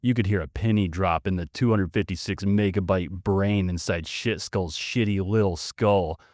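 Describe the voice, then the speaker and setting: Low-voiced guy on a podcast reading a dumb story out loud, snarky, dry close mic. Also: dry recording. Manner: sardonic, mocking, quick asides. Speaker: podcast host. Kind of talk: casual podcast commentary, reading a story aloud.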